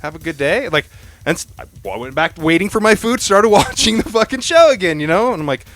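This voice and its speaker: A man's voice: high voice, sing-song, fast, fairly bright tone, no room sound, soft background music. A young man co-hosting a podcast, telling a story in casual, profane chat. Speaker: podcast co-host.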